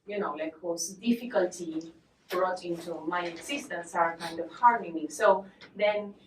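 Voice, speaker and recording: A woman's voice: on the low side, measured pace. Hesitant woman asking from the audience. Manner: hesitant, searching for words. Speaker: student asking a question. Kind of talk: audience question. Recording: distant, echoey room with faint noise.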